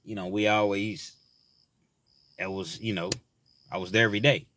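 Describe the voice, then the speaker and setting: A man's voice: lowish voice, fairly even intonation, moderate pace, fairly bright tone, slight background noise. A man telling a personal story about his time in prison, earnest and reflective, full of "you know" fillers, then turning to advice for young men.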